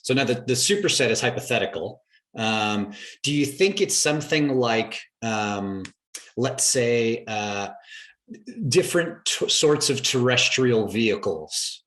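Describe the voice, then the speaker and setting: A man hosting a podcast interview, asking a question in a halting way, thinking aloud with restarts. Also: medium pitch, lively intonation, a bit bright, echoey room. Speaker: podcast host.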